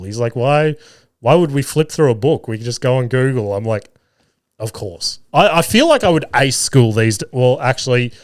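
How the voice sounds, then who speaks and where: Aussie dad podcast host, rambly and sweary, dry close mic. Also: male voice, medium pitch, dry recording. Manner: swears a lot, laughs, rambling anecdotes. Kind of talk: casual solo podcast storytelling.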